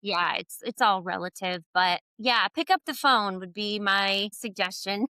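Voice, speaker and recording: A woman's voice: medium pitch, a little slow, pushed and bright, clear, resonant tone, dry recording, rough recording. A middle-aged woman, an author and podcast guest, answering candidly, open and reflective with some self-deprecating humor.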